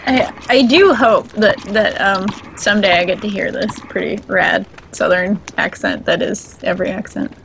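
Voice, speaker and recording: A woman's voice: mid-range voice, normal speed, creaky, hardly any pauses, fairly bright tone, slight background noise, low-quality recording. A woman co-hosting a let's play stream, chatting casually and playfully reading out the chat. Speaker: stream co-host.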